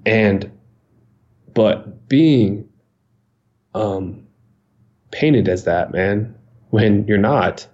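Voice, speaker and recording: A man in his forties recounting his own story in an interview, halting and repeating words, often pausing. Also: on the low side, a little mellow, lo-fi sound. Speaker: interview guest. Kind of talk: emotional personal account.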